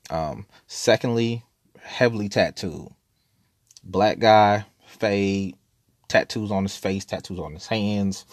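A man's voice: fairly low pitch, takes it slowly, no echo, clean studio sound. A man casually telling a story, laid-back and profane, rambling with frequent laughs.

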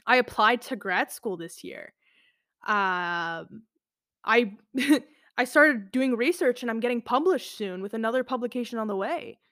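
A woman's voice: a little high, lively intonation, a little slow, fairly bright tone, dry recording, studio quality. A woman in her twenties telling a personal story as a podcast host, casual and rambling, full of "like" and "you know". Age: 20s. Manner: rambling, filler-heavy, lots of "like".

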